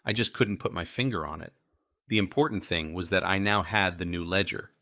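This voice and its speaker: A man narrating a first-person audiobook in a steady, wry manner. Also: low-pitched, a little fast, no room sound, clean studio sound.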